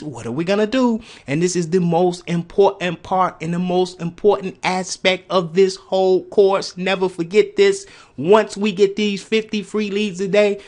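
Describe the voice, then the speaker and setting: Excited high-pitched man selling a course. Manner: excited, emphatic, keeps saying "ladies and gentlemen". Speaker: online marketer pitching a course. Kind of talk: sales pitch video.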